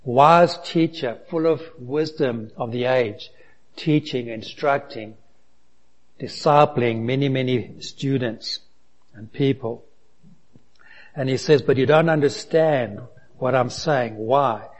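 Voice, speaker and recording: Male pastor at mid pitch, emphatic sermon delivery, lo-fi recording. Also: slow. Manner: emphatic preaching, rhetorical questions, Bible reading.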